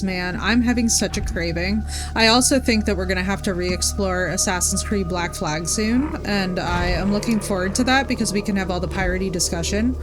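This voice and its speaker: A woman from New Jersey talks through a live gaming stream at home, chatting freely and greeting her viewers by name. Her pitch sits in a middle range. Game music plays clearly behind her.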